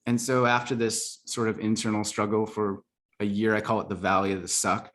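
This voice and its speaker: A man's voice: fairly low pitch, level tone, brisk, fairly bright tone. A man telling his life story as a podcast guest, earnest and reflective, with lots of "like". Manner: earnest, reflective, full of fillers like "like". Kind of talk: casual storytelling interview.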